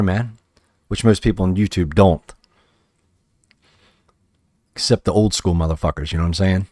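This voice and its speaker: A man with a fairly low voice rambles profanely through a casual live stream, hopping between thoughts and restarting sentences as he paints a figure. The sound is dry and close, with almost no room echo.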